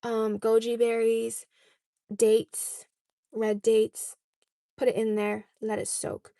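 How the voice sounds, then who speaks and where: A woman's voice: fairly high pitch, mellow, no echo, studio quality. A young woman vlogger chatting casually, answering viewer questions and often checking in with "okay?". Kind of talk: casual chat.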